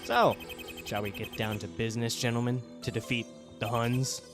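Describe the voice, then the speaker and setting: A man's voice: medium pitch, fairly even intonation, moderate pace, close to an everyday voice. A man voicing a rambling, unhinged male prisoner villain with a gleeful, erratic manner over game music. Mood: manic, mocking. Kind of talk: let's play voice acting.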